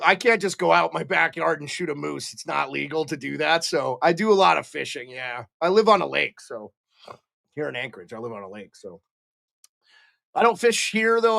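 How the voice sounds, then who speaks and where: Gravelly, kinda high-voiced guy doing fan play-by-play and chatting with chat, gets hyped on the big saves. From Montana. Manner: excitable calls, chatty asides to viewers.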